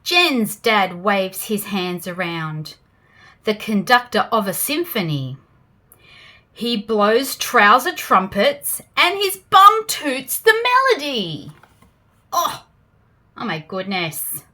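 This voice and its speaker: Reading picture books to children, this Australian storyteller uses a mid-range voice and a slow pace. Her delivery is lively, punctuated by gasps and playful sound effects.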